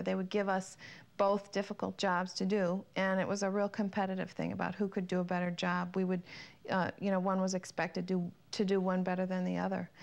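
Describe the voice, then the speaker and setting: A woman who worked in a garage, recalling her job in a measured, hesitant way. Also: medium pitch, creaky. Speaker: garage mechanic. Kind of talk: documentary interview.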